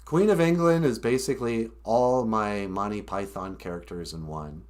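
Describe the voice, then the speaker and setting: A man's voice: lowish voice, moderate pace, hardly any pauses, a little mellow. A man hosting a casual live stream, chatting about how he does his impressions. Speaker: host.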